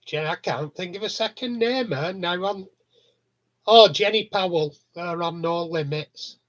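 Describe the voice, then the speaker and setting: A man's voice: high-pitched, a little slow, fairly bright tone, dull audio. A man chatting casually on a live stream, telling rambling stories with frequent chuckles. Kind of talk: casual chat with viewers.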